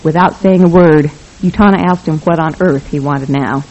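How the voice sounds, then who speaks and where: A narrator reads a novel aloud with a wry, even delivery at a middle pitch. The recording is dull and lo-fi. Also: moderate pace. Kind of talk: scripted audiobook narration.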